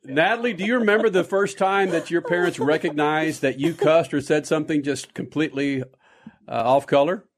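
A man's voice: on the high side, normal speed. A man hosting a radio talk show, brash and upbeat, reading promos and slangy plugs.

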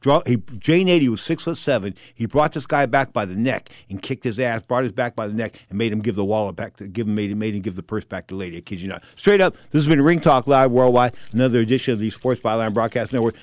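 A man hosting a boxing radio talk show, hoarse as his voice gives out, rambling with repeated stock phrases. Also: mid-range voice, quick pace, few pauses, no room sound, studio quality. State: hoarse, voice giving out.

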